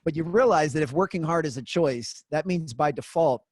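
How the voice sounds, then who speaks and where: A man's voice: fairly high pitch, moderate pace, a little mellow, no room sound. Earnest male guest, dry close sound. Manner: earnest, explanatory, with frequent fillers. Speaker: guest speaker. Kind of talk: conversational interview.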